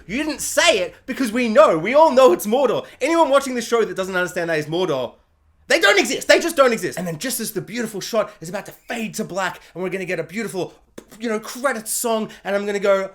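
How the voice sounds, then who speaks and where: A man's voice: high-pitched, expressive, fast, a bit bright. A man giving an exasperated, self-mocking rant in a video review, breaking into laughter often. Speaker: show reviewer.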